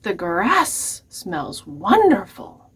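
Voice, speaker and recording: A woman voicing the youngest little billy goat in a storybook, speaking softly and breathily with a pleading tone. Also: medium pitch, wildly swooping pitch, extremely slow, husky, full character voice. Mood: timid.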